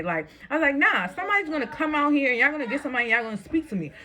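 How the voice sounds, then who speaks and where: Animated, bright-voiced woman ranting. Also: high-pitched. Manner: animated, profane, laughing between lines; talking fast. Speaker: vlogger telling a story. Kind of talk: casual storytime rant.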